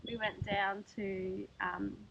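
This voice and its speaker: A woman's voice: medium pitch, little pitch movement, slow pace, vocal fry, muffled recording. A young Australian woman with a nasal, cold-stuffed voice, chatting casually to camera outdoors and laughing often. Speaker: vlogger. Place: outdoors beside a car, windy. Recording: faint outdoor wind noise.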